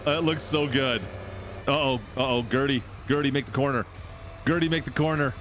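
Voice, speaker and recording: A man streaming live farm gameplay, chatting excitably with his viewers and talking to the game. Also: medium pitch, moderate pace, slight background noise. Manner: excitable, chatty, talks to chat.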